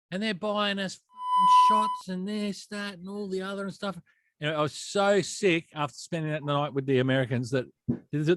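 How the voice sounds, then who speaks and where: An Australian man co-hosting a casual chat show, telling animated travel anecdotes full of slang. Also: on the high side. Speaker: podcast co-host.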